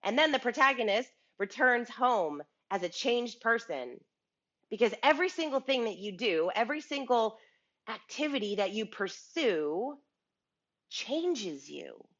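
A woman's voice: a little high, sing-song, unhurried, a bit bright. Chatty motivational woman, lo-fi sound. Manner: chatty, repeats words and asks the listener "right?". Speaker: speaker on a business show. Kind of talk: motivational talk.

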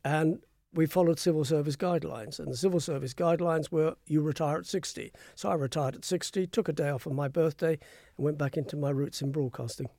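Older male guest raconteur, slightly high voice, dry close sound, brisk storytelling. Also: warm tone, dry recording. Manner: brisk raconteur who acts out quoted voices. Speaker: guest, former royal press spokesman. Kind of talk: anecdotal interview storytelling.

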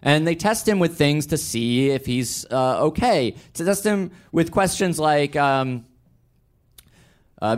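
A male storyteller telling a personal story in a wry, self-deprecating way, halting and restarting as he goes. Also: fairly high pitch, animated.

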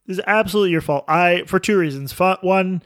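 A man co-hosting a podcast in casual, teasing chat, animated and quick to talk over his partner. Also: high voice, dry recording, clean studio sound. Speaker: podcast co-host.

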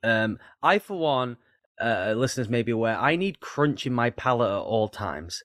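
A man's voice: mid-range voice, animated, moderate pace, fairly bright tone, dry recording. Dry-witted man co-hosting, close sound. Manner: dry, wordy, mock-serious. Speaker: podcast co-host. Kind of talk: casual podcast banter.

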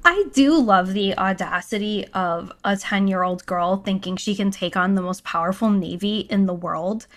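A woman's voice: medium pitch, moderate pace, hardly any pauses. A woman co-hosting a casual book-discussion podcast, musing wryly with many asides. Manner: musing, wry, lots of "like" and "right?". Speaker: podcast co-host.

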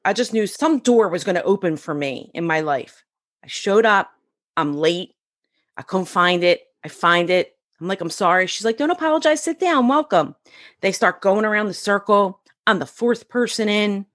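A woman's voice: mid-range voice, normal speed, a bit bright, no echo, clean studio sound. A middle-aged woman from the US East Coast, a podcast guest telling her story bluntly and acting out what people said. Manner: blunt, acts out quoted dialogue.

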